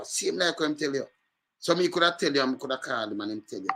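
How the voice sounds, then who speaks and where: A man chatting casually in patois, telling animated stories with lively jumps in pitch. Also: fast talker, slight background noise. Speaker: speaker in a reggae scene video.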